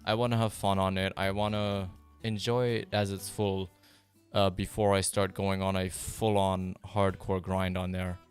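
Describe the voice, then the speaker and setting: A man with a lowish voice whose first language is German chats loosely with his stream viewers. His delivery stays fairly flat and even, and it wanders with fillers and restarts. Soft guitar music plays faintly behind him. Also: normal speed, clean tone. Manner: relaxed, rambling, with many fillers and restarts. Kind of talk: casual live-stream chat answering viewers.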